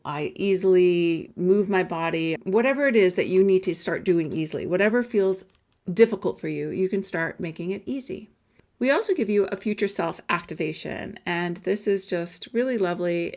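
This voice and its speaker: A woman speaks in a low, slightly gravelly voice as she pitches her guided audios. She talks in a casual, emphatic way and slips into quick acted-out voices when she quotes someone. She sounds like a coach addressing clients directly. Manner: conversational and emphatic, briefly acting out quoted voices. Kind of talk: spoken sales pitch with a personal story.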